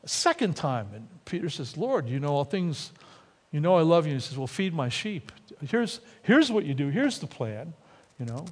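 A man's voice: a little high, normal speed, big-room sound. A man preaching a sermon in a church, acting out quotes by raising and dropping his voice. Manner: animated, acts out quotes with rising and dropping voice. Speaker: pastor. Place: church sanctuary.

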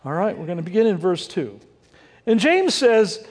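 A man's voice: sits high, sing-song, moderate pace, long reverb tail. An older man, a pastor, preaching a sermon in a conversational, punning way and asking the congregation questions.

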